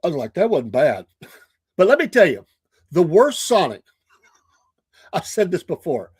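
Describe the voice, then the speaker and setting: A man's voice: high voice, a little slow, breathy edge, dry recording. An older man with a Southern US accent, hosting a podcast and telling a rambling, chuckling story in casual chat. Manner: animated, chuckling, rambling with restarts. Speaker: podcast host.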